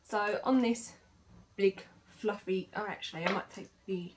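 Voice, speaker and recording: Woman, makeup vlogger, casual chatty tutorial, fillers and self-corrections, mid pitch. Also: fairly even intonation, unhurried, noisy background. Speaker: beauty vlogger.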